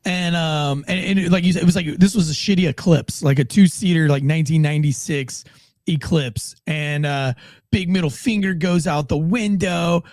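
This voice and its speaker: A man's voice: fairly high pitch, normal speed, a little mellow, dry recording. A man who is a former police officer, co-hosting a podcast and telling laid-back stories in casual chat. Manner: laid-back, storytelling with acted-out quotes.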